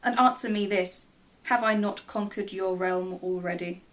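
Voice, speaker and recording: A woman reading a romantic male vagabond's declarations of love in an earnest, slightly lowered voice. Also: steady tone, moderate pace, recorded from a distance, close to an everyday voice.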